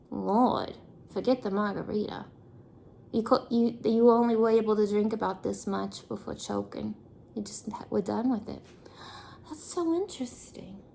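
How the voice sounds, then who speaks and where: A hoarse woman voicing a nosy, mock-sympathetic busybody who fires off prying, sarcastic questions and drops into whispers. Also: medium pitch, warm tone, a little hiss or hum. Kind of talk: talking to herself on camera in a persona.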